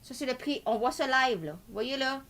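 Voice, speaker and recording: A woman from Canada with a Quebec French accent, hosting a live market commentary in an excitable way and peppering her talk with filler tags. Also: high voice, fairly quick. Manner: excitable, switches between French and English, full of filler tags. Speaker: host.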